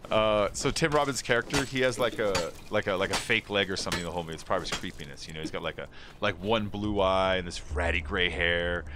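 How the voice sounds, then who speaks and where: A man's voice: deep voice, fast, noisy background. A man chatting casually while streaming a game, rambling through movie stories and laughing often. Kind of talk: casual gaming stream chat.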